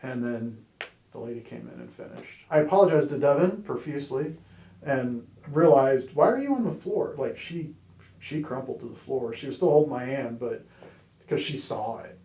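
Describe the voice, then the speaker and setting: A man's voice: mid-range voice, moderate pace, dark tone, a little hiss or hum. A man sharing his personal testimony in a candid, conversational way, with wry humor and plenty of "you know"s. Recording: roomy echo.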